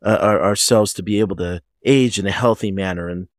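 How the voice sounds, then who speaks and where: A man who is a guest physician, answering interview questions in a halting way, often restarting his sentences. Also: low-pitched, no echo, clean studio sound. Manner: halting, frequent restarts and fillers. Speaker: guest physician, medical director.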